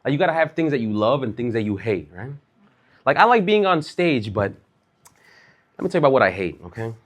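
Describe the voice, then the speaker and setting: Lively-voiced male stand-up comic. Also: mid-range voice, a little fast. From Chicago, USA. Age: 30s. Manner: loose, conversational delivery full of "like" and "bro". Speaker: stand-up comedian. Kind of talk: stand-up comedy set. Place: comedy club stage.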